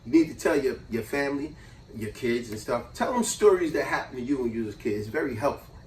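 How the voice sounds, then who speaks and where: A man hosting a casual chat, telling a childhood story in an animated, slangy way. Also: mid-range voice, quick pace, a little hiss or hum. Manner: animated, slangy, acts out voices. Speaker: host. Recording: roomy echo, distant mic.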